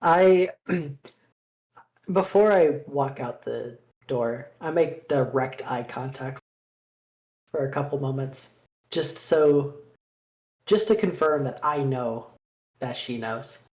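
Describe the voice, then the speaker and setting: Slow, measured tabletop player. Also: medium pitch, a little mellow. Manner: measured, clears throat often. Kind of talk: casual tabletop play.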